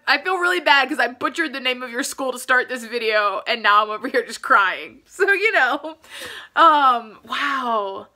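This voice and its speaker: A woman reacting to a cheer routine on her vlog, gushing and excitable and saying "like" a lot. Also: high-pitched. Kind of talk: casual video reaction.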